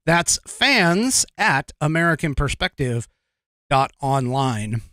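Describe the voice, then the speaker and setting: A man's voice: on the high side, very animated, takes it slowly, pushed and bright, no echo, studio quality. A man hosting a livestream podcast, talking casually and rambling, with lots of fillers and frequent chuckles. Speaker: podcast host.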